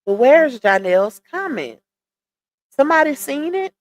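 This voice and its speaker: A woman's voice: sits high, very animated, measured pace, no echo. A woman hosting a casual livestream, chatting with viewers, reading comments aloud and laughing often. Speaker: livestream host.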